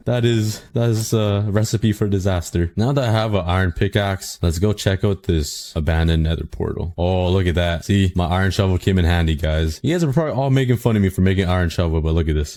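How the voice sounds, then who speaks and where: A young man commentating his Minecraft run, excitable and self-mocking, jumping to sudden panicked shrieks. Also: sits low. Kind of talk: casual gameplay commentary.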